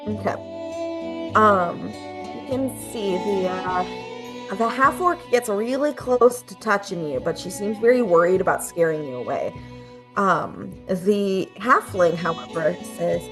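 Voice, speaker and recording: A woman narrating as game master of a tabletop game, talking in a relaxed way with many ums and uhs. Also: medium pitch, measured pace, over music.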